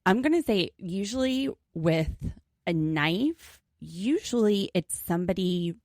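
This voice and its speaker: Gravelly low-voiced woman podcast co-host. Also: animated, a little slow, a little mellow, no echo, clean studio sound. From Pennsylvania. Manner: chatty, giggly, recaps the episode. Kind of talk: casual chat.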